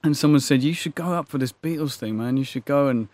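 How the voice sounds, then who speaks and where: A man's voice: medium pitch, fast, darkish tone, no echo. A man in his thirties, an actor as interview guest, telling a long story in a loose, rambling way full of hedging phrases. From England. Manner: rambling, full of "sort of" and quoted dialogue.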